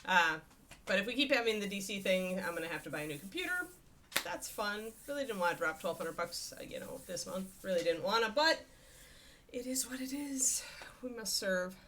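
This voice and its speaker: Chatty, bright-voiced woman streamer. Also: medium pitch, very animated, brisk, a little hiss or hum. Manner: chatty, rambling, self-amused. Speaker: livestreamer painting miniatures. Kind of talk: casual live-stream chat. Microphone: desk USB microphone at face level.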